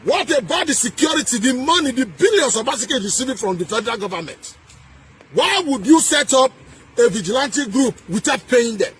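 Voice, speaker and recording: A man with a Nigerian accent delivering a heated political rant, emphatic and repetitive, with sing-song rises and shouted bursts. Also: very high voice, expressive, a little fast, faint music behind. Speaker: political commentator.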